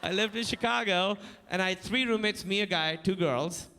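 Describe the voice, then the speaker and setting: Stand-up comic man from pakistan, high voice, telling a long scared story, animated and jumpy, faint noise behind. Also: normal speed, big-room sound, a crowd in the background. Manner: animated, jumps into panicked shouted voices for bits. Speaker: stand-up comedian. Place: comedy stage before a live audience.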